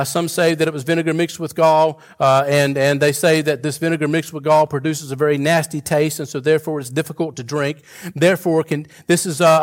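A man preaches a sermon in a somewhat higher voice, talking to his congregation in a relaxed way. He stumbles through restarts and stray fillers, then reaches for rhetorical questions and folksy humor to make his point. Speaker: pastor.

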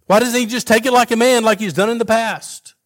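A pastor delivering a sermon in a loose, conversational way, full of fillers and restarts, mixing rhetorical questions with homespun humor. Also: male voice, extremely high pitch, steady tone, a little fast.

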